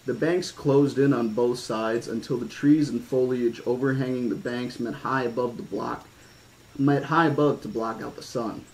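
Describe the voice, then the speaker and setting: A man with a middle-range voice narrating a novel aloud in a measured, horror-flavoured manner. Now and then he drops the narration for loose, casual asides. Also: mid-range voice, a little mellow, rough recording. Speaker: audiobook reader. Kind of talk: horror-toned novel reading.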